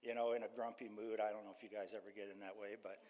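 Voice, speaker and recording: A retired man in his sixties, a street ministry worker, telling his personal testimony to a church congregation in a halting way, with many fillers. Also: fairly low pitch, flat delivery, darkish tone. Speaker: street ministry staff member. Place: church sanctuary. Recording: long church-hall reverb.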